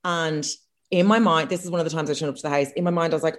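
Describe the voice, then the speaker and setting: Animated Irish woman telling a story. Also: sits low, racing. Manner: animated, swearing, self-mocking storyteller. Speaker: podcast co-host. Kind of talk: casual storytelling chat.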